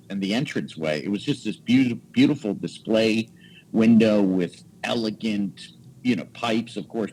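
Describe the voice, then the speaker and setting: Man, 40s, low voice, animated casual storytelling, acts out quoted voices, faint room hiss. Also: poor audio. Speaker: podcast guest, cigar maker.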